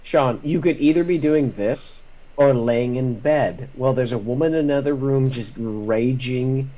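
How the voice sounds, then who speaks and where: A man's voice: mid-range voice, measured pace, dark tone, lo-fi sound, slight background noise. A man in casual video call chat, joking dryly, on a home computer mic.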